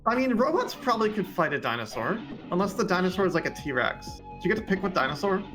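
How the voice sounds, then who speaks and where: A man's voice: high voice, sing-song, fast talker, over music. A man doing casual game commentary, chatty, explaining the play and laughing easily.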